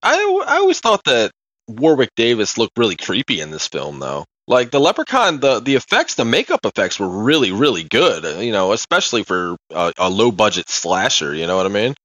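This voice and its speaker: A man co-hosting a podcast, telling stories in an animated way, laughing often and swearing casually. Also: fairly low pitch, fairly quick, dry recording, highs cut off. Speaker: podcast co-host. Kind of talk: casual chat.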